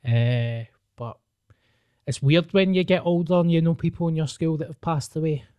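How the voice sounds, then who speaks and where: A man's voice: on the high side, normal speed, dark tone, clear, resonant tone, dry recording, dull audio. A Scottish man in casual podcast chat, sweary and sympathetic as he talks about growing up.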